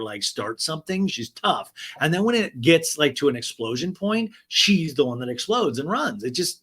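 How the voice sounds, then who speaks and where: Animated gossipy man recapping reality TV. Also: on the high side. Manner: animated, gossipy, profane, laughs at own jokes. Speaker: podcast host. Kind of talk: casual recap podcast.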